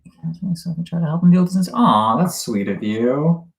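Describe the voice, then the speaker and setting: A man's voice: on the high side, expressive, brisk, vocal fry, echoey room, low-quality recording. A young man from Canada hosting a casual livestream Q&A, talking in a chatty way with lots of fillers and frequent laughs.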